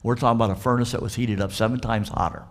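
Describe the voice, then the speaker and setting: This Florida pastor, a man with a Southern American accent, delivers his sermon rapid-fire in a mid-range voice. He acts out the characters' exchanges in a lively storytelling manner.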